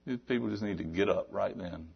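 A man preaching a sermon, shifting between quiet talk and loud, exhorting passages. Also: deep voice, brisk, vocal fry, husky, dull audio.

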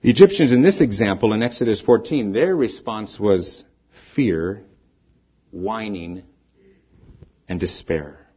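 A middle-aged man preaches a sermon in church, with a husky voice. His delivery swings from loud peaks down to quiet, fading ends. The recording sounds dull and lo-fi. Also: on the low side, animated, a little slow, long pauses. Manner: dynamic preaching, rising then falling away to soft endings. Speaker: pastor.

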